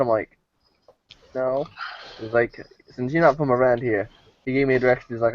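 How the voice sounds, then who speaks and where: A man's voice: medium pitch, fairly quick. A man telling a story in a laid-back way, swearing freely in a casual podcast chat. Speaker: podcast co-host. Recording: dry, dull lo-fi sound.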